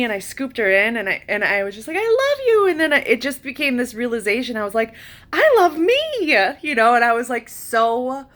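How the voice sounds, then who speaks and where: Bright-voiced woman telling a personal story. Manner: emotional, many fillers, quotes herself at high pitch. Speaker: vlogger recounting a retreat.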